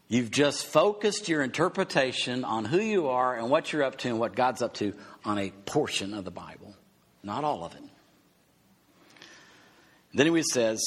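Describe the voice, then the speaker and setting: Husky-voiced man preaching in a reverberant hall. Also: medium pitch. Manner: emphatic teaching with rhetorical questions. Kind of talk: sermon.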